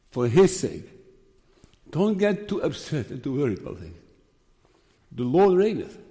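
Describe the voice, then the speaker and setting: Slow, emphatic preacher in a hall. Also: male voice, medium pitch, mellow. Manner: slow, emphatic, repeating phrases. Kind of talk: sermon. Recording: long hall reverb.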